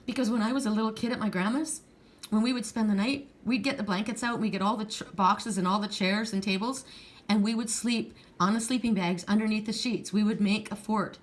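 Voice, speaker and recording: A woman's voice: medium pitch, steady tone, fairly quick. A middle-aged woman giving a heartfelt, rambling pick-a-card reading, tearful at times. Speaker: tarot card reader.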